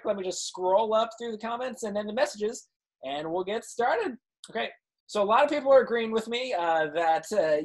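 A man's voice: sits high, a bit bright. A young man hosting a live interview show. He is upbeat and laughs often as he reads out viewer questions. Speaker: livestream host.

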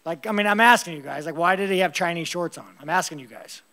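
A fighter answering press conference questions in a blunt, rambling, heavily profane way, laughing often. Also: male voice, fairly high pitch, fast, bright, forceful tone.

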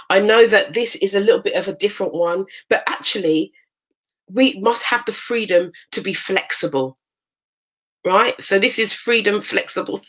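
A woman's voice: medium pitch, fairly bright tone. A woman hosting a morning inspiration live stream, speaking earnestly and emphatically and repeating her points to encourage her viewers. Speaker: host of a morning inspiration show. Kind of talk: motivational live-stream talk.

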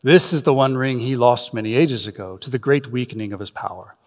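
A man voicing an old, wise male wizard in a dramatic reading, speaking slowly, deeply and with measured steadiness. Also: a little mellow, in a large hall, lightly acted. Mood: grave. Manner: slow, deep and measured.

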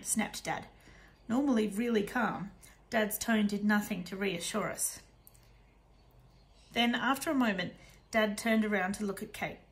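A woman narrating a children's novel in the first person, in a hushed, soft delivery. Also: medium pitch, unhurried, poor audio. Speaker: audiobook narrator.

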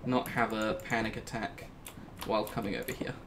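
A man giving casual, jokey commentary as he plays a video game, talking himself through it and breaking into high squeals when something startles him. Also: steady tone, normal speed, background noise. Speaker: gaming YouTuber.

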